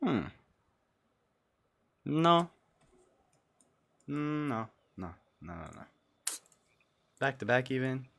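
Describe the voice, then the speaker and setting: A young man from Brazil chatting on a livestream, sleep deprived, giggly and rambling, dropping to mumbles and jumping to loud yelps. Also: mid-range voice, sing-song, extremely slow, gravelly, pauses often. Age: young adult. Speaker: streamer. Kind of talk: casual livestream chat.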